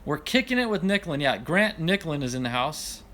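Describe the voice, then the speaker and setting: A man's voice: on the high side, very animated, normal speed, bright, forceful tone. A man hosting a casual livestream and reading viewer comments aloud, apologetic and self-deprecating, laughing often as he stumbles over names. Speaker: livestream host.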